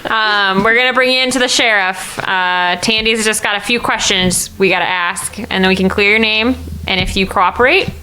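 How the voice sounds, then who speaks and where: A woman's voice: medium pitch, moderate pace, hardly any pauses, sharp tone, a little hiss or hum, rough recording. A woman playing a character in a tabletop game, playful and laughing often. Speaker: player. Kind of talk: tabletop role-play.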